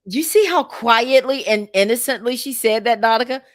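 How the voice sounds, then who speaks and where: A woman's voice: on the high side, moderate pace, no room sound, studio quality. A woman hosting a talk show, asking blunt questions and teasing her guest.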